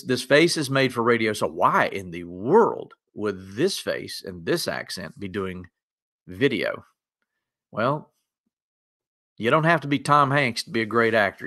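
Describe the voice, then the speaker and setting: Folksy lower-Appalachian man presenting. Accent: Southern US, lower Appalachian. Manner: folksy, self-deprecating, energetic. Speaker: presenter of a training webinar. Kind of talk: webinar presentation. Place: converted home bedroom studio.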